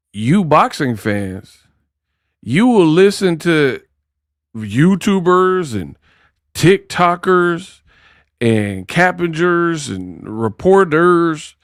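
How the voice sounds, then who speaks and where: A man's voice: fairly high pitch, no echo, studio quality. A man hosting casual boxing commentary, trash-talking and joking. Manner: trash-talking, joking, breaks into song and mock accents.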